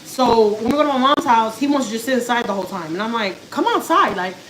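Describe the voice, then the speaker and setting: Speaking a little high and at a quick pace, with noise in the background, a Houston, Texas woman live streams as a vlogger from her home kitchen. She cooks as she chats casually, replies to viewers' comments, and talks to her pet.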